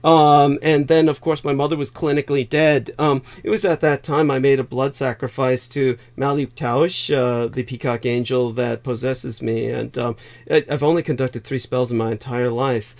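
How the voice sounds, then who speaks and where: A man hosting a casual livestream chat, halting and rambling, with many fillers and bursts of laughter. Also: mid-range voice, fairly even intonation. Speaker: livestream host.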